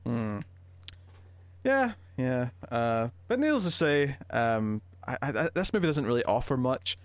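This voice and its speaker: A man's voice: mid-range voice, very animated, a little slow, no echo. A man co-hosting a casual film review podcast, talking in a chatty, hesitant way with many restarts. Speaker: podcast co-host.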